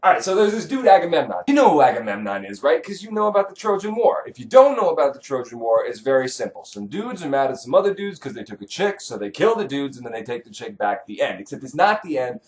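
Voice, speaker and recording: A man's voice: mid-range voice, very animated, fast talker, hardly any pauses. A man retelling an old myth as comedy, sarcastic, profane and rambling. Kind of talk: irreverent comic retelling.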